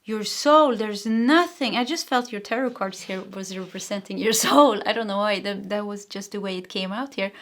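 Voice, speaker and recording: A woman with a Swedish accent giving a pick-a-card tarot reading, gentle and reassuring, with soft laughs and restarts. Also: mid-range voice. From Sweden. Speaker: tarot reader.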